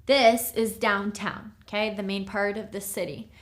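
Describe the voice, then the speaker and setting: A woman teaching a recorded language lesson, drilling words slowly and checking in with "okay?". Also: medium pitch, little pitch movement. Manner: slow, clear drilling of words with frequent "okay?". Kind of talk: recorded lecture.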